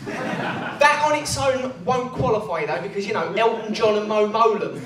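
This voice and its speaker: A young adult man with a high-pitched voice and lively intonation performs stand-up at a comedy venue at a moderate pace, telling self-deprecating stories and acting out the characters. He's heard from far off in an echoey room with heavy background noise and a laughing crowd.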